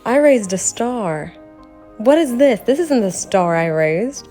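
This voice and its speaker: A woman's voice: fairly high pitch, lively intonation, slow pace, mellow, faint music behind. A woman voicing a bossy talent manager who controls a star's career, in a cold, dismissive way. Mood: stern.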